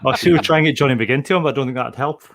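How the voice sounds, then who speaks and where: A man's voice: mid-range voice, racing, crowd noise. A Scottish man hosting a podcast, chatting casually and joking with his co-hosts. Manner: jokey, laughs often. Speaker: podcast host. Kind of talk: casual chat.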